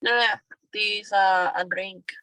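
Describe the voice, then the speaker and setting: A woman's voice: mid-range voice, steady tone, unhurried, bright, forceful tone, no echo. A woman taking part as a student in an online English class. She speaks hesitantly and searches for her words.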